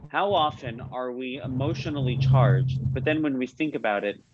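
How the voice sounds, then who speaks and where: A man's voice: mid-range voice, moderate pace. A man giving an informal religious lesson, telling stories in a conversational way with frequent restarts and questions to his listeners. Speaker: rabbi teaching a class. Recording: slightly muffled recording with faint noise.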